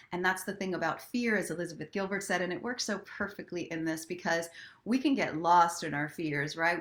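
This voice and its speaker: A woman hosting a live story time stream, chatting in an encouraging way and slowing down for soft affirmations. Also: medium pitch. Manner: chatty and encouraging, reads viewer comments aloud. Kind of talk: casual live-stream talk with inspirational reading.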